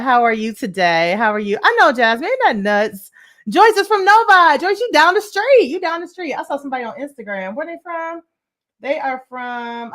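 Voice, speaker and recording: A woman's voice: high-pitched, a bit bright. A woman hosting a live money show, chatting with viewers and greeting them by name, with plenty of laughter. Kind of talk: live-stream chat with viewers.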